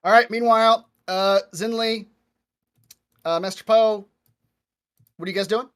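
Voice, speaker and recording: A man running a tabletop game as dungeon master, relaxed and chatty, laughing easily. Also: sits high, measured pace, clear, resonant tone.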